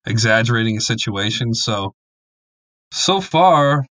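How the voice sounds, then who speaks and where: A man co-hosting a podcast in casual chat, measured and dry-humored. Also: medium pitch, expressive, fairly bright tone, no echo, dull audio. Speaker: podcast co-host.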